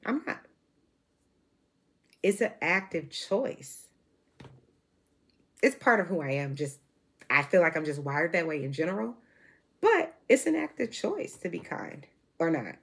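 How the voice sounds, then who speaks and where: A woman's voice: lowish voice, very animated, unhurried, long pauses, breathy edge. A woman in her forties giving an emotional, emphatic monologue to camera, repeating herself and restarting sentences. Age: 40s. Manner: emphatic and repetitive, full of restarts. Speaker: vlogger.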